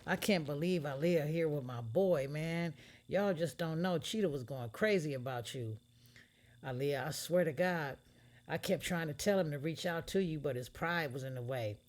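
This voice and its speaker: A woman voicing a friendly, excitable young man in a storybook reading, loud and slangy. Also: low voice, moderate pace, lightly acted. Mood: excited.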